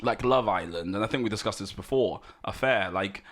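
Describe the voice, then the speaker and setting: Chatty, animated male podcast host. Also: lowish voice, a little fast. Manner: lively, chatty, swings between loud excitement and quiet asides. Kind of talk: casual interview chat.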